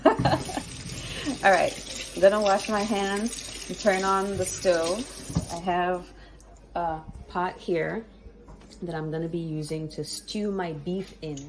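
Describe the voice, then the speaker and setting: Slow-talking woman cooking at home. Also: lowish voice, steady tone, a little hiss or hum, low-quality recording. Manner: chatty, talks viewers through each step with approving hums. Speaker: home cook and vlogger. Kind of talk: casual cooking demonstration. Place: home kitchen.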